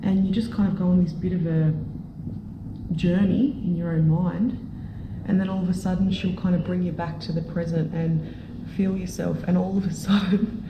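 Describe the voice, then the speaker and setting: Relaxed, playful woman, recorded in a roomy space over background noise. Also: fairly low pitch, moderate pace. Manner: relaxed, playful, defensive banter. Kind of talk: casual chat. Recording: echoey room with background noise.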